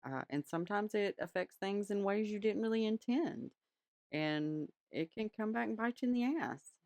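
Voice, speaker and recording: A woman's voice: mid-range voice, expressive, normal speed, darkish tone, no echo. A woman hosting her own podcast, talking casually and frankly from her home altar room, swearing now and then. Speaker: podcast host. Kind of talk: casual solo podcast talk.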